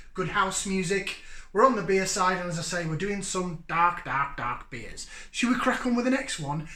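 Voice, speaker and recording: A high-pitched man, originally from Yorkshire, talks his viewers through a beer review in a chatty, joking, upbeat way. His voice bounces around a roomy, echoing space. He sounds like a man in his forties hosting his own casual channel. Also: sharp tone. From Yorkshire, England.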